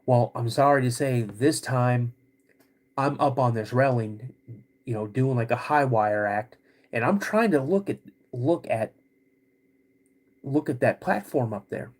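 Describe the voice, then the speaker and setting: A male podcast host with a mid-range voice tells a personal story casually and haltingly, restarting many times.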